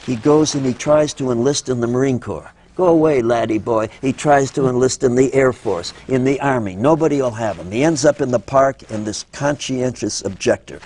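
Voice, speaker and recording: A man's voice: mid-range voice, normal speed, hardly any pauses, breathy edge. An older man, a former child radio actor, telling anecdotes in an interview and acting out voices as he goes. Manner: animated, acts out voices in anecdotes. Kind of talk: interview storytelling.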